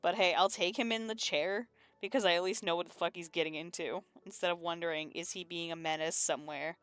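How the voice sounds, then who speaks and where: A woman's voice: on the low side, fairly even intonation, a little fast, a bit bright, clear, resonant tone, dry recording, soft background music. A woman streaming from her room at home, chatting casually and rambling while she works on comics, laughing often and swearing now and then. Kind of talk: casual chat while drawing.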